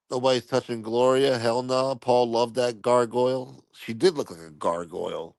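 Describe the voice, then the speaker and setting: A man's voice: medium pitch, moderate pace, gravelly, few pauses, a little mellow, no room sound. A man hosting a channel, telling stories in a laid-back, rambling, crude way. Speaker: channel host. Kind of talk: casual storytelling commentary.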